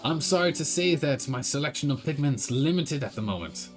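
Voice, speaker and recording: Genteel painter figure with a shaky French-Scottish accent, put on by a man, pitched up and bouncy. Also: expressive, fairly quick, music in the background, lightly acted. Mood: obliging. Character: genteel male painter who decorates boats.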